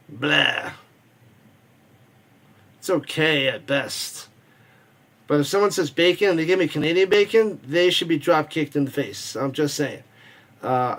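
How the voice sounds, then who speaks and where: This man's voice is distinctly high-pitched as he runs a live stream for watching football. His talk wanders casually and is full of jokes, broken up by fast play-by-play calls and viewer comments he reads aloud.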